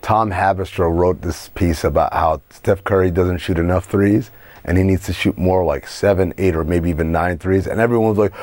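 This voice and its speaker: A man's voice: low voice, fairly even intonation, normal speed, darkish tone. A man co-hosting a podcast, chatting in a casual, conversational way. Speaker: podcast co-host. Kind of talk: casual chat.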